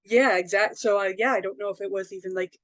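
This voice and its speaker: A woman's voice: medium pitch, steady tone, quick pace, no room sound. Dry-sounding woman telling a rambling story. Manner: rambling, many fillers and tag questions. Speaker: psychic medium and author, guest. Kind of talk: casual personal storytelling.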